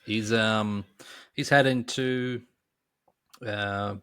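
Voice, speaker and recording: A man's voice: on the low side, steady tone, very slow, fairly bright tone, clean tone. A man co-hosting a podcast and chatting casually about a movie, jokey and prone to trailing off. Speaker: podcast co-host. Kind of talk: casual movie review chat.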